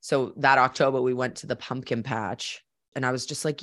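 A woman's voice: a bass voice, steady tone, moderate pace, fairly bright tone, no echo, clean studio sound. Candid woman telling a personal story. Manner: candid and conversational, with casual swearing; reflective and earnest when drawing lessons. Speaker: podcast host.

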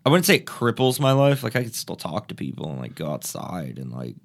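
A man's voice: sits low, big pitch swings, brisk. A man, a comedian guest on a podcast, talking in rambling, self-deprecating casual chat full of fillers.

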